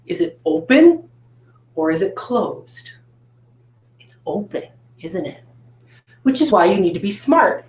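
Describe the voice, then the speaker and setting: Patient woman teaching phonics, echoey room. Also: mid-range voice. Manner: patient, asks students questions then answers them. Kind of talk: recorded phonics lesson.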